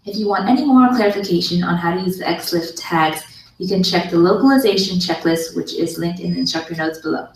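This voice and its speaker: A woman narrating a scripted programming tutorial in a calm, explanatory way, played as a video in a classroom. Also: lowish voice, brisk, echoey room, a little hiss or hum. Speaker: online course instructor. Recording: video played into a room, heard from far.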